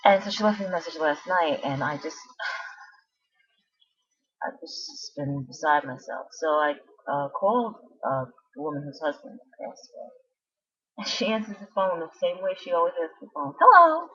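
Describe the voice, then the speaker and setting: A woman's voice: on the low side, fairly quick, slightly rough. A woman chatting casually on her vlog, telling a meandering story full of asides and restarts. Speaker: vlogger. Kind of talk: casual rambling chat. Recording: dull lo-fi recording.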